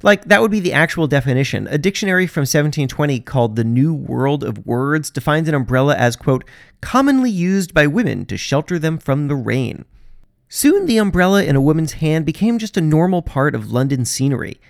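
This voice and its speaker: A man's voice: on the high side, big pitch swings, brisk, creaky, no room sound, clean studio sound. A man hosting a podcast, narrating from a script with wry, sarcastic asides. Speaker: podcast host.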